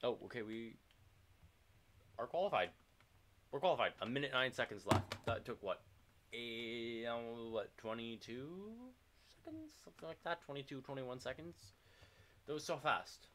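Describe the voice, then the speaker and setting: A man streaming a video game, commenting live and swearing in loud frustrated outbursts. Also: medium pitch, moderate pace.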